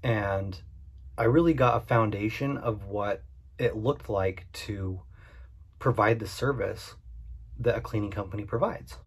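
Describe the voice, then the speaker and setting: A man's voice: lowish voice, a little slow, slightly rough. A man who runs a cleaning business, casually and candidly telling a story about his past work to the camera. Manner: conversational and candid, with frequent fillers.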